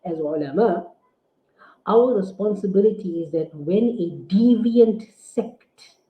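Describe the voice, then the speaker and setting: A man, an Islamic scholar, delivering a forceful, indignant rebuttal full of rhetorical questions. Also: sits high, expressive, takes it slowly. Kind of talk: preaching rebuttal. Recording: tinny phone-like audio in an echoey room.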